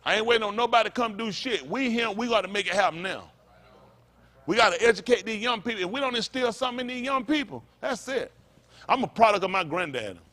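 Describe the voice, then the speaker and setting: A man's voice: sits high, animated, quick pace, bright, forceful tone. A male pastor preaching a fiery, blunt sermon, full of profanity and call-and-response asides.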